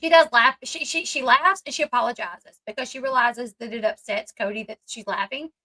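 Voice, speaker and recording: A woman's voice: fairly high pitch, brisk, pushed and bright, low-quality recording. A woman hosting a casual commentary recap, retelling scenes chattily and acting out what people said. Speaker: commentary channel host.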